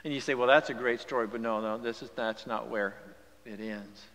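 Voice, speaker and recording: A male pastor delivering a sermon, swinging from hushed, near-whispered storytelling to loud, rising exhortation in a church. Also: mid-range voice, fairly even intonation, brisk. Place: church sanctuary. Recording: long church reverb with music behind. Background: guitar music.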